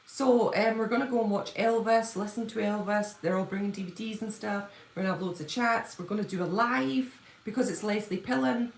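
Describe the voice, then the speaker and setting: A woman hosting a casual live stream from home, chatty and effusive, laughing easily as she talks. Her voice sits at a medium pitch, and the room around her sounds noticeably echoey. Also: creaky, a little hiss or hum. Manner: chatty, bubbly, quick to gush and laugh. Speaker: livestreaming fan-channel host. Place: at home, indoors.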